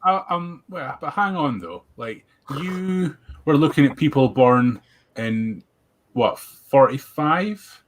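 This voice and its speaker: A man's voice: a little high, animated, slow. Guy on a video call, bouncy voice, playful, kinda hesitant. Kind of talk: casual video chat.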